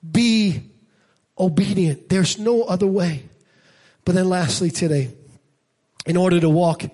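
A man preaching a sermon, with rhythmic repetition building to loud, dramatic peaks. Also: sits high. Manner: preaching with dramatic acted-out scenes and shouted peaks. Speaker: pastor.

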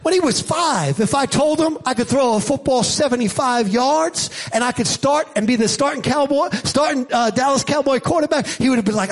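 A middle-aged man delivers a sermon from the pulpit with a notably high voice. He preaches in an animated way and rises loud and high to drive home his points. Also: brisk, hardly any pauses. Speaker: pastor. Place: church.

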